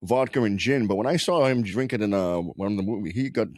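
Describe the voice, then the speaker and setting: A man co-hosting a podcast in casual chat, rambling and profane, with lots of halting restarts. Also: fairly low pitch, expressive, a little mellow, dry recording, clean studio sound. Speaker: podcast co-host.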